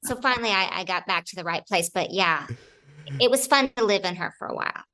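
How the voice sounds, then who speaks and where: Actress guest, woman, bright lively storyteller in a casual interview. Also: mid-range voice, brisk. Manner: animated, acts out other people's lines.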